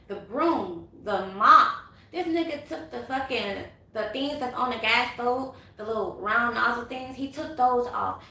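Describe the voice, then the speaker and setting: A young woman, telling a story to her viewers in a casual, animated vlog. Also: fairly high pitch, gravelly. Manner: animated, chatty, quick asides to viewers. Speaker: vlogger. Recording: echoey room.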